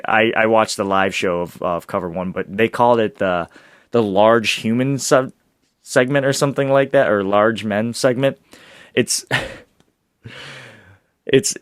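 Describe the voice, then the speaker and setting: A man hosting a solo sports podcast, talking in an excitable, rambling way with restarts and laughs. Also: mid-range voice, dry recording, studio quality. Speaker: podcast host.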